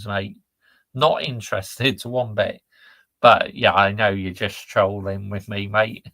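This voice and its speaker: A man's voice: fairly low pitch, fairly even intonation, a little slow, vocal fry, fairly bright tone, no room sound. A man hosting a casual live stream, reading out chat and ranting bluntly in laddish slang. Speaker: football channel host reading live chat.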